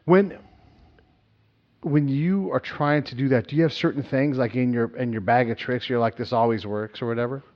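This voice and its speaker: A man of middling pitch hosts a casual podcast interview, working through his thoughts aloud with restarts and a steady stream of "yeah"s. The audio is a little dull and lo-fi. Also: normal speed. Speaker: podcast host.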